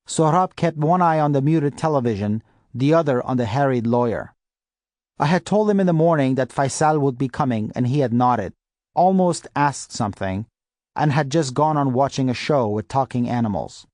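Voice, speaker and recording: Steady male audiobook narrator, dry sound. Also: mid-range voice, moderate pace, dry recording. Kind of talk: first-person audiobook narration.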